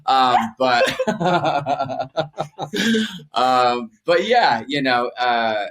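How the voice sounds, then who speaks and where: An actor in an interview who talks haltingly and searches for his words. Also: medium pitch, expressive, a bit bright. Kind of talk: casual interview talk.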